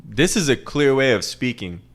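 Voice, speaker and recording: A man's voice: mid-range voice, sing-song, moderate pace. A man hosting a casual solo podcast, ranting in a profane, rambling way and repeating lines for emphasis. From American South. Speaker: podcast host.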